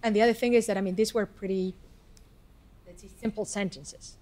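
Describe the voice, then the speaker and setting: A woman lecturer in a hall, fielding questions at a middling pitch. She feels her way through each answer, restarting sentences and leaning on "I mean." Her delivery is careful and academic. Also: fairly even intonation, brisk, dark tone. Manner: hesitant, many restarts and "I mean" fillers.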